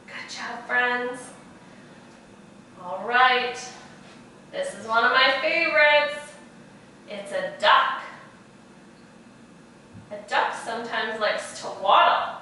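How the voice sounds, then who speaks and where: A woman teaching preschoolers in a virtual class, speaking in a slow, sing-song, encouraging way. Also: a little high, lively intonation, sharp tone, far from the mic, slight background noise. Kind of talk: virtual class for young children. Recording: echoey room, voice off-mic.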